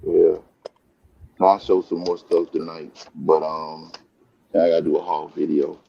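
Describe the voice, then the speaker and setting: A man's voice: extremely low pitch, level tone, a little slow, gravelly, no echo, lo-fi sound. A man hosting a casual live chat from a comic book store, talking on his phone in a laid-back, rambling way and calling everyone "man". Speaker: live stream host, comic collector.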